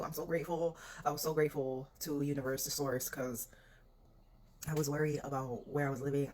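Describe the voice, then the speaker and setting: A woman's voice: rumbling low, darkish tone, a little hiss or hum. A young adult woman candidly venting about a hard stretch, swearing often and quoting what she said at the time. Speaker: vlogger. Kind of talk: venting personal story.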